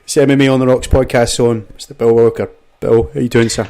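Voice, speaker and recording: A man's voice: mid-range voice, flat delivery, quick pace, warm tone, clean tone. A man hosting a casual panel show, reading sponsor spots and calling his guests mate. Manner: chummy, calls guests mate and amigo. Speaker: podcast host.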